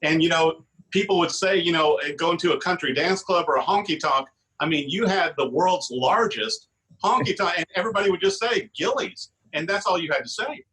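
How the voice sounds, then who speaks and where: High, bright-voiced male interviewer. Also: fairly quick, poor audio. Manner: chatty, filler-heavy questions. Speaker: show host.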